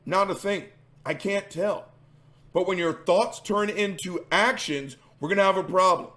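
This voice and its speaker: A man's voice: high voice, measured pace, pushed and bright. A man hosting a reaction commentary, ranting combatively and sarcastically with lots of swearing. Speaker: commentary host.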